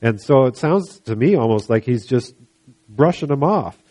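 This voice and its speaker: A man delivering a sermon in a storytelling manner. His voice sits at an ordinary middle pitch, and he slips into the voices of the characters as he retells the passage for his listeners. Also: moderate pace. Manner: animated storytelling, acting out voices of the people he describes. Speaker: pastor.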